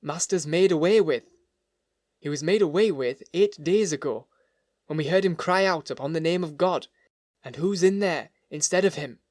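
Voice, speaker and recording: A man's voice: sits high, slow, no echo, studio quality, voice pushed up. A man voicing a frightened, loyal older male butler whose voice is harsh and broken with dread. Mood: anguished.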